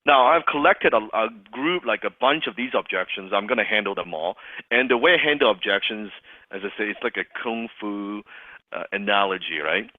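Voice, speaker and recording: Sales coach guy, punchy and repetitive, lively pitch, thin phone-like sound. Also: fairly quick, no echo. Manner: emphatic, repeats key points. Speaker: sales trainer. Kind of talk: interactive sales coaching session. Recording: tinny phone-like call audio.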